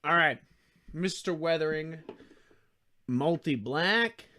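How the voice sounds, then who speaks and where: A man's voice: on the high side, takes it slowly, bright, forceful tone. A tired man hosting a casual livestream, rambling and jokey, swearing freely and slipping into silly accents. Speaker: livestream host building model kits.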